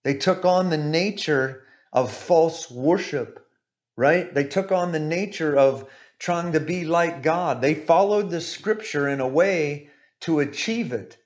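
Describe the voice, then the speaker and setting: A male preacher with a fairly high voice delivers an emphatic sermon. He hammers his points through repetition and keeps checking in with "right?" and "okay?". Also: slow pace, highs cut off. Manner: emphatic, repeats points, asks "right?" often.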